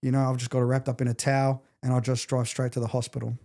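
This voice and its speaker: A man's voice: mid-range voice, fast. A middle-aged man, a podcast guest telling an emotional story with intensity and acting out the quotes. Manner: intense, animated retelling, acts out quotes.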